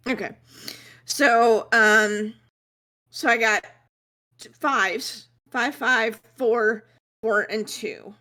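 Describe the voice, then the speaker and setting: A woman's voice: fairly high pitch, steady tone, very slow, pushed and bright. A woman playing a tabletop game, laughing often and counting her dice aloud. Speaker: player. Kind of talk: casual tabletop play.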